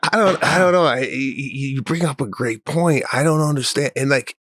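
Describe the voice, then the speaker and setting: A man co-hosting a podcast, chatting in a relaxed conversational way and swearing casually. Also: on the high side, moderate pace, dry recording, studio quality. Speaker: podcast co-host.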